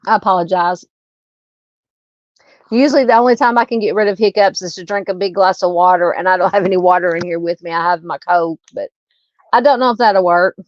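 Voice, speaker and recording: A woman's voice: lowish voice, fairly quick, no room sound, highs cut off. A middle-aged Southern woman hosting a live true crime stream, chatting casually, greeting viewers and reading comments in a rambling way with many fillers and restarts. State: hiccups.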